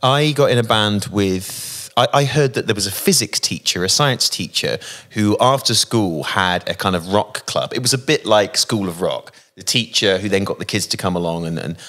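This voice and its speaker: A man from England, a guest musician in a casual interview, telling thoughtful anecdotes with frequent pauses and fillers. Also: fairly low pitch, fairly bright tone. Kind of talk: casual interview, reflective storytelling.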